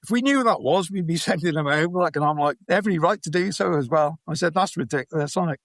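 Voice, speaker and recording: A man with a Welsh accent, a podcast guest telling anecdotes in a relaxed, chatty way. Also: on the high side, quick pace, dry recording. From Wales. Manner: chatty, anecdotal, laughs while telling stories. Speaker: podcast guest, bowls player. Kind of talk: storytelling in a casual interview.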